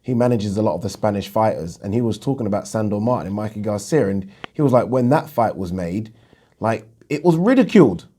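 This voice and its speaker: A man's voice: on the low side, a little fast. Chatty man hosting a boxing vlog. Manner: chatty, animated, repeats himself for emphasis. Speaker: boxing channel host. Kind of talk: casual vlog talk.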